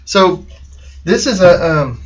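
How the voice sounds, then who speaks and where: Rambly guy chatting in his art studio, lotsa ums, kinda higher voice. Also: sing-song, slow pace, highs cut off, a little hiss or hum. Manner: rambling, many fillers and restarts. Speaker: painter and host. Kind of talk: casual studio chat.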